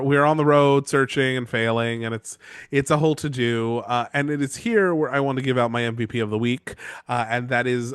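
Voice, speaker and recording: A man co-hosting a casual book discussion podcast who recaps chapters in an animated way, swears freely and slips into quick character voices. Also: mid-range voice, clean tone, dry recording, clean studio sound. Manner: swears casually, laughs often. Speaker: podcast co-host.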